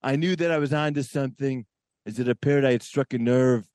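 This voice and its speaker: A boastful, rambling older politician, as a man puts him on, telling a tall tale full of self-corrections. The voice sits at a middle pitch. The sound is close and dry. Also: a little fast, darkish tone, smooth, dry recording, lightly acted. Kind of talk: comedy impression narrating a story.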